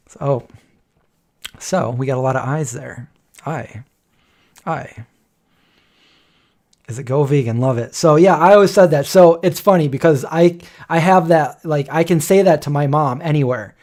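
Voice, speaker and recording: Middle-aged male host, casual chat, rambling joker, slightly high voice. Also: moderate pace, a little mellow. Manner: rambling, joking storyteller.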